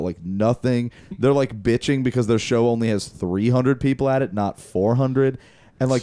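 Male podcast host, relaxed tone, dry mic, chatty and loose. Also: mid-range voice, no echo. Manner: rambling, laughing, lots of fillers. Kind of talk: casual chat.

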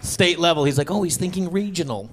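A man's voice: a little high, fast talker, a faint crowd, slight background noise. A man doing a stand-up set, telling stories and acting out both sides of his conversations. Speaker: stand-up comedian. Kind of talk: stand-up set before a live audience. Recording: stage recording with audience laughter.

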